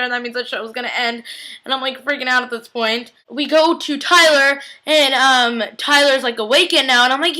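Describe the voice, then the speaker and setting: A young woman recapping a TV episode in a casual, excitable, chatty way, full of "like" and acted-out reactions. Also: a little high, fast.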